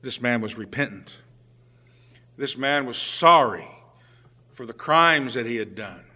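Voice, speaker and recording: A middle-aged man preaching a sermon in a conversational way, full of restarts, moving between hushed and emphatic delivery. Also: mid-range voice, lively intonation, a little slow.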